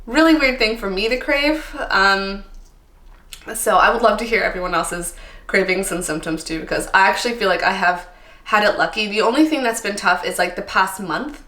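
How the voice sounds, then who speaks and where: Her mid-range voice has a fairly bright tone and a normal speed. She's a Canadian woman in her thirties chatting casually and candidly to camera, tired and a bit emotional, full of ums and likes, recorded in an echoey room.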